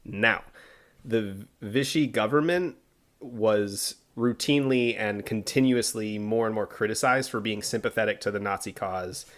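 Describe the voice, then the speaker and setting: A man co-hosting a podcast, telling a history story in a relaxed way with asides and fillers. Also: on the low side, a little slow. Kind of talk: casual history podcast narration.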